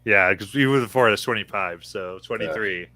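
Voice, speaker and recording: A man game master narrating a tabletop game in a relaxed, halting way with many fillers. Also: on the low side, dry recording, poor audio.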